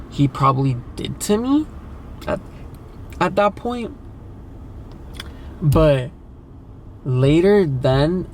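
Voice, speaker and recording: A man's voice: medium pitch, darkish tone, a little hiss or hum. A young man telling a candid personal story in a casual vlog, talking loosely with lots of fillers and swearing. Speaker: vlogger.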